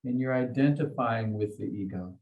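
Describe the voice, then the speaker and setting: A man's voice: mid-range voice, moderate pace, narrow, tinny audio. A man leading a meditation class, explaining ideas to his students in a conversational way and often checking in with "okay?" and "right?". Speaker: meditation teacher.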